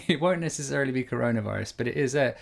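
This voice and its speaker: Male co-host, mid pitch, jokey and opinionated, studio mic. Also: animated, quick pace, creaky. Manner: joking, opinionated, laughs often. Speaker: podcast co-host. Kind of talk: casual podcast chat. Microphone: studio condenser microphone.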